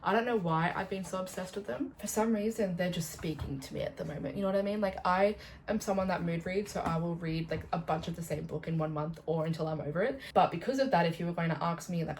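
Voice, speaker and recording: Gushing, excitable young woman book vlogger. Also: lowish voice, fast, slight background noise, poor audio. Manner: gushing, excitable, swears freely, rambles off topic. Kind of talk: casual chat to camera.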